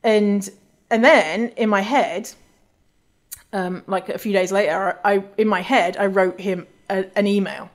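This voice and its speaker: A woman's voice: mid-range voice, steady tone, unhurried. A woman hosting a solo podcast, talking casually and candidly, swearing freely and restarting her sentences often. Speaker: podcast host.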